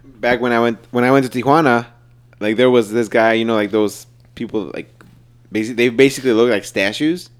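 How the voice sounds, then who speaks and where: A man's voice: medium pitch, fairly even intonation, fairly quick, smooth. A man chatting casually as a podcast co-host, rambling with lots of filler words. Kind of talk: casual chat.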